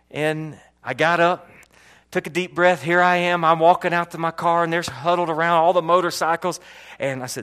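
A man with a fairly high, clean-toned voice preaches at normal speed as a Florida pastor, sharing a personal story with animation. He often repeats words, his volume ranging from loud to hushed.

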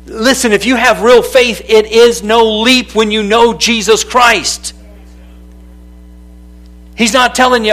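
A man with a fairly high voice delivers a sermon from the pulpit. He preaches in an animated, conversational way, leaning on questions and calling to listeners by name. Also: measured pace, faint music behind. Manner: animated, calls out to people by name. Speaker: pastor.

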